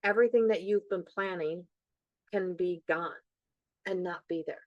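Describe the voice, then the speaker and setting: A woman's voice: fairly low pitch, moderate pace, darkish tone, no room sound, lo-fi sound. Earnest reflective woman podcast host. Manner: earnest, reflective, repeats phrases for emphasis. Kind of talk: reflective casual chat.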